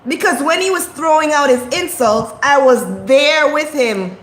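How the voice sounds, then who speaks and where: A woman's voice: high-pitched, moderate pace. A woman vlogging in a casual motivational talk, speaking in a passionate, preachy way and repeating her points for emphasis. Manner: impassioned, preachy, repetitive. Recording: echoey room.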